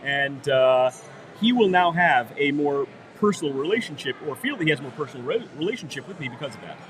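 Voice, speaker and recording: A man's voice: fairly high pitch, very animated, quick pace, fairly bright tone. A man co-hosting a live podcast, talking casually and joking about himself. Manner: joking, self-deprecating. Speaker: podcast co-host.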